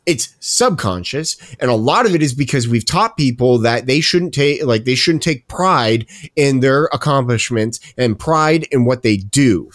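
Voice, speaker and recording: A man's voice: mid-range voice, no echo, clean studio sound. A man co-hosting a podcast, ranting emphatically and repeating himself as he makes his point. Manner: emphatic, repetitive, self-interrupting. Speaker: podcast co-host. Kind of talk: casual ranting chat.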